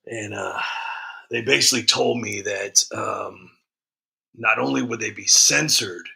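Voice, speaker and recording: Greeting viewers and reading their comments, a man chats casually on his livestream, rambling with frequent ums and restarts. His lowish voice is strikingly bright with a gravelly edge, and he speaks a little slowly.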